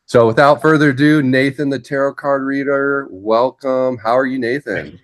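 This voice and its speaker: A man's voice: mid-range voice, steady tone, normal speed, soft background music. A man hosting an interview podcast, introducing his guest and asking questions in a casual, friendly way. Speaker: podcast host.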